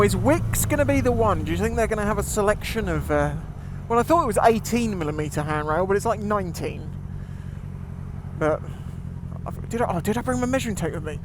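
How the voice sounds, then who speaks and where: Chatty man on a motorbike. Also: fairly high pitch. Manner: rambling, chatty, laughs easily. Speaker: motovlogger. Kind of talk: casual chat while riding. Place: outdoors on a motorbike in town traffic. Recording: loud road and traffic noise.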